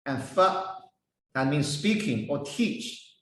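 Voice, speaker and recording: A man teaching a Bible lesson, slowly spelling out Hebrew words and their meanings one by one. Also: a little high, big pitch swings. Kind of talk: slow explanatory lesson. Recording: echoey room, voice heard from a distance.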